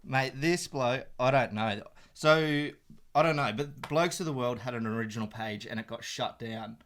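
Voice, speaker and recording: A man's voice: medium pitch, moderate pace, fairly bright tone. Easygoing man, casual guest. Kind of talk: casual chat.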